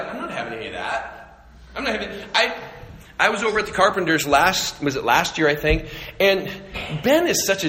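A man's voice: high-pitched, bright, forceful tone, in a large hall. A middle-aged man preaching a sermon in a conversational way, telling stories and restarting his phrases as he goes. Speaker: pastor.

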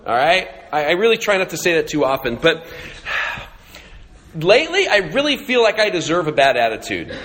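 A man with a high voice preaches in a casual, storytelling way, talking to his congregation like he is chatting with friends. The sound rings out through a big room with long reverb. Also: very animated, moderate pace, a bit bright. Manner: conversational storytelling. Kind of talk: sermon. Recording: echoey hall with long reverb.

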